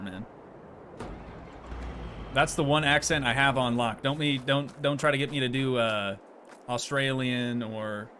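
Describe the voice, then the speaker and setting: A man's voice: mid-range voice, fairly bright tone, a little hiss or hum. A man streaming a game live, chatting casually, joking and answering his chat as he plays.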